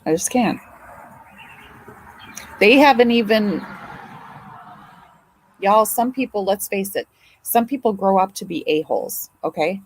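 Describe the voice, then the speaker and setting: Slow-talking emotional woman livestreamer. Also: mid-range voice, poor audio. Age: older. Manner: emotional, chatty, swears and apologizes. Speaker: livestream host. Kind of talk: casual livestream chat.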